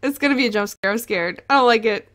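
A woman's voice: a little high, quick pace, a bit bright. A young woman playing a game and commenting on it, jumpy and nervous, often laughing. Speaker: let's play host.

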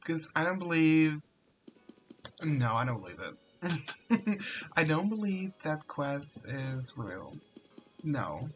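A gamer talks through a play session in a loose, mumbling way, often dropping into exasperated outbursts. The voice rises and falls a great deal but the talk stays slow and unhurried. Quiet game music sits in the background. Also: medium pitch, big pitch swings. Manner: mumbles, trailing off; frequent exasperated exclamations and swearing. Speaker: Roblox gameplay streamer. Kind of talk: casual gameplay commentary.

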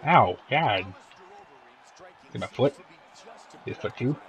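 A man's voice: mid-range voice, lively intonation, slow pace. A young man commentating his own fighting-game match, swearing and joking at the computer opponent. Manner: loud, profane, jokey trash talk at the game. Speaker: gaming video host. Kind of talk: profane gameplay commentary.

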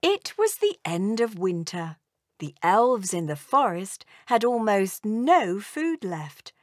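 A woman reads a children's story aloud at an unhurried pace, and her pitch rises and falls with the story. The sound is dry and close. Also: no room sound. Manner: gentle, expressive reading.

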